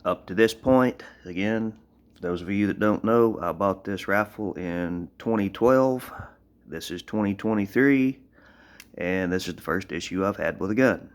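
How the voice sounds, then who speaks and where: Man from Tennessee, very low voice, plainspoken vlogger filming on a phone, rambling and blunt. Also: a little slow. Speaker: gun owner vlogger. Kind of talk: casual show-and-tell gun review.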